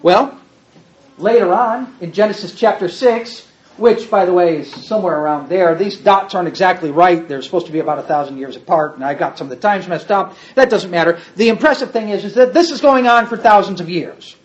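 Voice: mid-range voice, brisk, dull audio. A preacher giving a sermon with slides, speaking to the congregation in a folksy way and pointing at the pictures while explaining.

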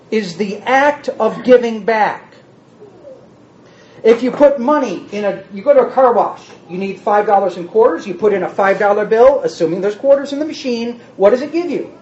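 A preacher with an expressive, darkish medium-pitched voice teaches a sermon at normal speed in an echoing hall. His teacherly style plays with word meanings and presses listeners with rhetorical question after rhetorical question, and the recording sounds dull and muffled.

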